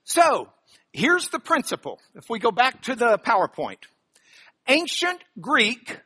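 A man teaches a live audience, his voice bright and forceful. His pitch swings lively as he explains each point step by step, checking in with quick rhetorical questions. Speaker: bible teacher.

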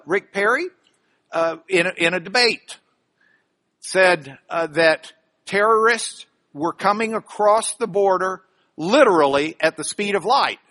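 Animated man teaching a class. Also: high voice. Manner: animated, emphatic, with frequent restarts. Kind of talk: classroom lecture.

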